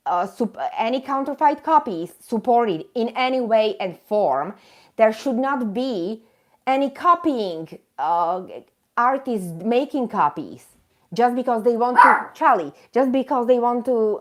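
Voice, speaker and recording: A woman hosting a live stream, ranting with indignant emphasis and breaking into chatty, self-mocking asides to viewers. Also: fairly high pitch. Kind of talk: impassioned live chat rant.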